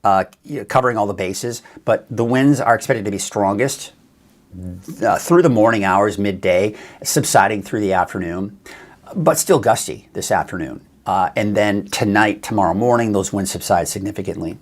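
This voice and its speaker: A man's voice: on the low side, normal speed. A man hosting a weather forecast show, with a conversational style and some fillers and self-corrections. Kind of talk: casual weather forecast talk.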